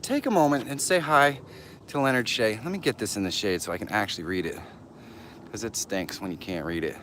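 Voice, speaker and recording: A man hosting a live stream, casually chatting and excitedly greeting viewers by name while walking outdoors, a little out of breath. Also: brisk, a little hiss or hum. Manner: enthusiastic, greets viewers by name, jumps in pitch. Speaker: livestream host.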